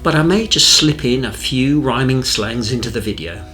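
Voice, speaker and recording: A man's voice: medium pitch, expressive, normal speed, pushed and bright, soft background music. A man with a Southern English accent who narrates a painting tutorial in a friendly, rambling way. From North Kent, England. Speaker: art instructor. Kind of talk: chatty painting tutorial voice-over.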